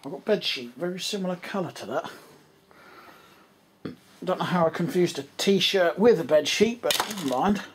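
Muttering to himself as he tidies, this rambling vlogger from England keeps up a casual commentary, often trailing off partway through a thought. His voice is high and expressive at normal speed, with frequent pauses, over background noise.

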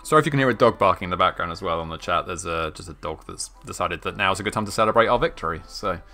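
A man's voice: deep voice, racing, gravelly, faint music behind. A man streaming a co-op puzzle game live, chatting playfully with a friend and laughing often. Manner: playful, laughs often, bursts into loud whoops. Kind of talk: casual gaming chat.

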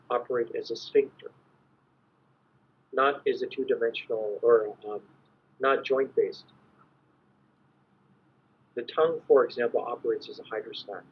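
Guy lecturing, very husky voice, dull lo-fi sound, steady and explanatory. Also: mid-range voice. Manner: measured, explanatory, clears throat at times. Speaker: invited conference speaker. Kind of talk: academic lecture. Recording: dull lo-fi recording.

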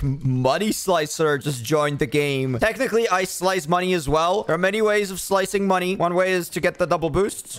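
A man giving casual, excitable game commentary as he plays, joking and talking to the characters on screen. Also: fairly high pitch. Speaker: gaming YouTuber.

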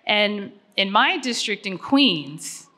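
A woman's voice: mid-range voice, animated, takes it slowly, pushed and bright. A middle-aged woman giving a personal acceptance speech at a gala, talking earnestly and conversationally with frequent fillers.

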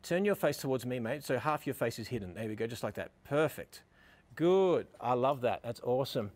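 Outdoors beside a building, a middle-aged man teaches photography on location, directing a couple of models with upbeat, coaxing praise. His voice is mid-range, expressive and brisk.

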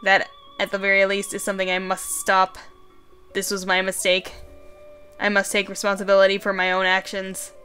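A woman voicing a remorseful male wizard trapped in a box, reading his lines in a measured, solemn way. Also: medium pitch, monotone, sharp tone, faint music behind, natural voice.

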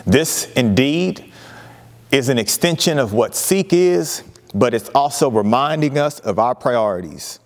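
A man's voice: mid-range voice, expressive. Preaching man in a reverberant church. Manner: emphatic preaching with dramatic pauses and vivid retellings. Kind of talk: sermon. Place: church sanctuary.

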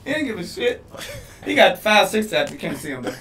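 A man co-hosting a podcast in casual comedic chat, loud and laughing often. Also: high voice, a little fast, far from the mic, crowd noise. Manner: loud, animated, laughing a lot. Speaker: podcast co-host. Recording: echoey room, off-mic, faint noise.

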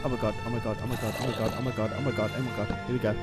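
A man's voice: mid-range voice, expressive, quick pace, music in the background. A young man, a gaming YouTuber, giving nervous horror-game commentary, muttering anxiously and bursting into yelps and screams.

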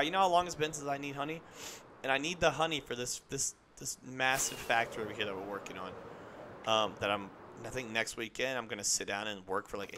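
A young man streaming a game live, chatting in a rambling, excitable way to his viewers and to the creatures on screen. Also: medium pitch, a little hiss or hum. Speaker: gaming streamer. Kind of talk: live gameplay chat.

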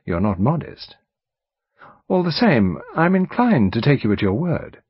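A man reading an audiobook, voicing an earnest, determined young woman in her early twenties with a faintly husky voice, frank but a little hesitant. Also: mid-range voice, very animated, unhurried, dry recording, pitched above the performer's own voice. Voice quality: faint agreeable huskiness. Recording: dull studio audiobook recording.

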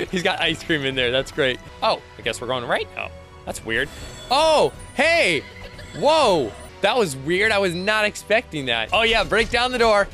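A young man hosting a let's play, chatting excitedly as he plays, laughing and yelping often. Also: high-pitched, unhurried, soft background music. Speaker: gaming channel host.

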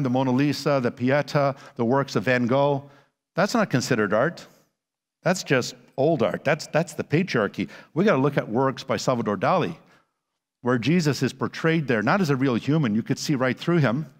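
A man giving a conference lecture with slides as a Christian apologist, animated and sarcastic, full of rhetorical questions. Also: mid-range voice, normal speed. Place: church conference hall. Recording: long hall reverb.

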